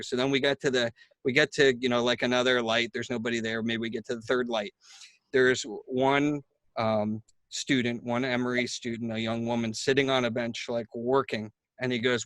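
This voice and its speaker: A man hosts the conversation, telling a story casually and growing animated, with lots of restarts. His voice sits at a middling pitch. The recording is dry and close, with no room sound. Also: brisk, no echo. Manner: chatty, animated when telling anecdotes, with many restarts. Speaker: host.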